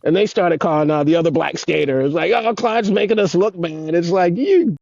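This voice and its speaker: A man in his fifties, a guest on an interview show, telling rambling, profane stories in a casual, animated way. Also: fairly high pitch, normal speed, creaky, no echo, dull audio. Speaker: guest, former pro skateboarder. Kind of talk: casual storytelling.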